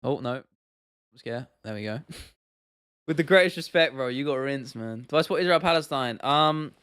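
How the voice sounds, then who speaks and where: A man's voice: medium pitch, moderate pace, fairly bright tone, smooth, no echo, studio quality. A young man from the UK hosting a casual livestream Q&A, talking bluntly with plenty of slang and swearing and often restarting his sentences. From United Kingdom. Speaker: livestream host.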